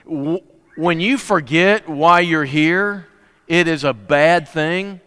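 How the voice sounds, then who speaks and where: A man preaching in a relaxed, folksy manner, chatting with the congregation and joking between points. His voice is smooth and resonant, pitched a little high. The sound carries a long reverb from the church room. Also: slow pace. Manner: folksy, joking, many restarts. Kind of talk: casual sermon with announcements. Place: church sanctuary.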